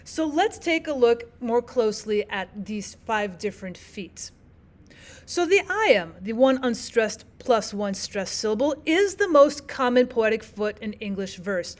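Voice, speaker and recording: Woman teaching a lesson, slightly high voice. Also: very animated. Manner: clear, measured teaching delivery, slows to read verse aloud. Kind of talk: explaining poetry lesson over slides.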